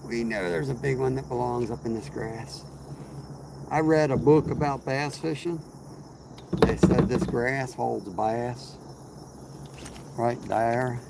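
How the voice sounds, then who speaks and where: A man with a medium-pitched voice speaks slowly, with vocal fry and long pauses. He hosts an outdoor fishing livestream, rambling casually and answering viewers' chat as he fishes. Insects and crickets can be heard in the background.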